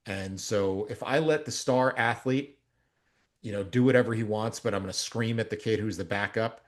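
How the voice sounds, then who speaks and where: Animated storytelling man, low voice. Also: normal speed. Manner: animated storytelling, swings up loud when quoting himself. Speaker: strength coach and podcast co-host. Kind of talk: casual podcast conversation.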